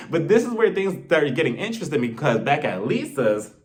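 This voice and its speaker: A man's voice: on the high side, big pitch swings, brisk. Sassy man recapping reality TV. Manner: sassy, laughs at his own jokes. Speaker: reality TV reviewer. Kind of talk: comedic recap vlog.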